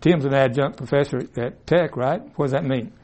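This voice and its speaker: A man's voice: mid-range voice, a little fast, a little mellow. A man teaching an informal Bible class in a classroom, folksy and rambling with asides and restarts. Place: classroom with a board. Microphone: room mic, at times turned away.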